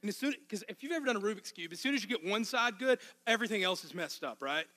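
A man's voice: high voice, animated, quick pace, pushed and bright. A man with a Southern Arkansas accent preaching a sermon from a church, impassioned and emphatic with much repetition. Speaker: pastor. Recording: long hall reverb.

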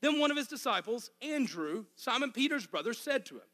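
A man with a Southern Arkansas accent delivers an impassioned sermon, driving his points home through repetition. His voice sits high with a bright, forceful edge. A long hall reverb trails behind him. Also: sing-song, brisk. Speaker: pastor.

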